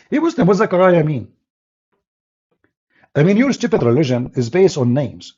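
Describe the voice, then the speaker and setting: Man, Arabic accent, native Arabic speaker, live stream host, mocking and derisive, dark husky voice, dull lo-fi audio. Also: on the high side, very animated, normal speed. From Middle East. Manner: mocking and insulting, broken English grammar. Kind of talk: polemical live stream monologue.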